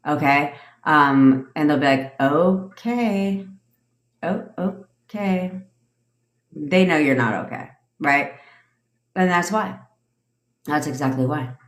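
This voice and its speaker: A woman's voice: very deep voice, fairly even intonation, measured pace, a bit bright. A woman in her thirties, a manifestation coach ranting and answering questions on a casual livestream, blunt and profane, laughing often. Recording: echoey room.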